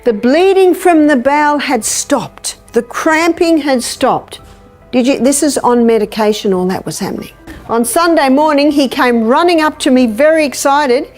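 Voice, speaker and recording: A woman giving a health lecture, animated and telling a story while she acts out the dialogue. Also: high-pitched, moderate pace, faint music behind. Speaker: natural health educator.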